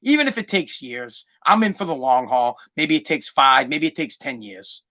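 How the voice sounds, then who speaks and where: A man's voice: fairly high pitch, big pitch swings, normal speed, pushed and bright. A man hosting a solo podcast, ranting in a profane, emphatic way. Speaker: podcast host.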